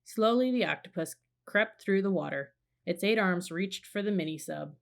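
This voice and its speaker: A woman reading a children's storybook aloud in a calm, measured narration. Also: on the low side, vocal fry. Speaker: audiobook reader.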